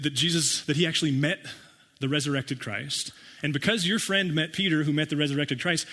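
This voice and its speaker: Man, pastor, conversational sermon, wry acted-out asides, slightly high voice, reverberant hall. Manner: conversational and animated, acts out listeners' reactions with wry humor. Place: church sanctuary.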